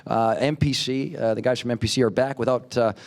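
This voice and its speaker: A man's voice: mid-range voice, fairly even intonation, fairly quick, a little mellow. A man hosting a conference stage and introducing the speakers in a playful, hyped, rambling way. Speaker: event host. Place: conference stage before a live audience.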